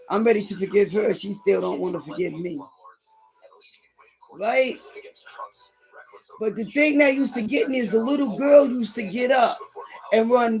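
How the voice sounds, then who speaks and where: A middle-aged woman gossiping on a livestream in a rambling way, now and then breaking into loud outbursts. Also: a little high.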